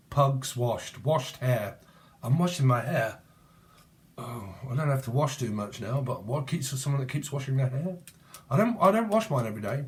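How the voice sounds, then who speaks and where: A middle-aged man giving a tarot reading to camera, riffing from one word association to the next, swearing freely and laughing at his own jokes. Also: medium pitch. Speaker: tarot reader.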